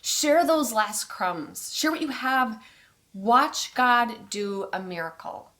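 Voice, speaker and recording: A woman's voice: a little high, lively intonation, takes it slowly, a bit bright. A woman co-hosting a marriage course video, speaking conversationally to viewers and laughing easily. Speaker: co-host of a couples course.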